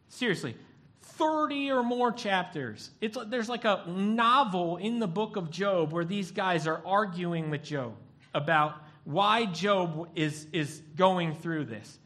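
A man's voice: high voice, takes it slowly. A male pastor giving a sermon, telling stories and acting out the voices of the people in them. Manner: animated storytelling, acts out voices.

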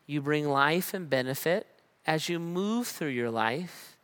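Smooth, bright-voiced male pastor. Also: fairly high pitch. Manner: conversational and relaxed, with repeated phrases and slow emphatic pauses. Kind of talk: sermon. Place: church.

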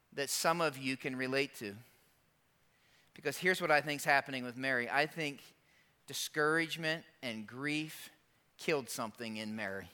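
Bright-voiced man preaching with swings. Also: clear, resonant tone. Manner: dynamic preaching, drops soft then builds loud and high. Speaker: pastor. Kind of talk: Easter sermon.

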